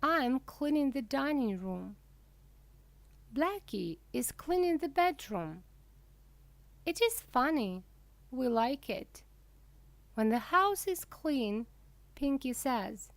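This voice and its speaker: A woman reads a children's story in a slow, careful way for beginner learners. Her voice is fairly high and swings widely in pitch. The sound is close and dry. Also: no echo. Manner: clear, deliberate reading with lively pitch. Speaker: reader.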